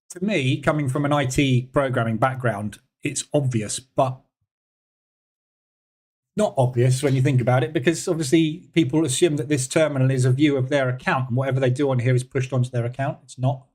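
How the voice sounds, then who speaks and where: A man's voice: mid-range voice, normal speed, a little mellow. A man runs a live trading room and talks in a loose, chatty way, stopping often with fillers as he thinks aloud. He reads viewers' messages and answers them as he goes. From United Kingdom. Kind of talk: casual live-stream commentary.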